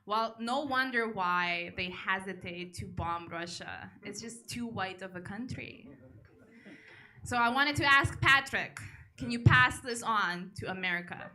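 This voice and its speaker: A woman's voice: on the high side, pushed and bright, faint music behind. A woman hosting a comedy show, reading out donations and teasing the crowd. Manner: unhurried, reads donation messages aloud, teasing. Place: comedy club stage.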